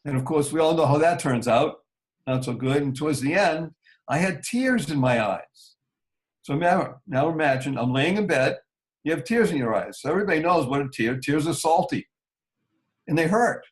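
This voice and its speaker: A man telling a personal story slowly and earnestly as an interview guest. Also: on the high side, animated, rough recording.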